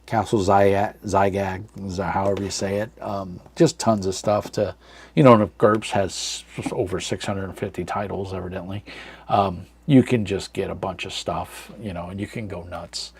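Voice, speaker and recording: This livestream host, a man in his thirties, chats casually from a darkened room in his home. His low, steady voice is creaky and husky at normal speed, and he wanders along with many fillers and reads comments from chat aloud.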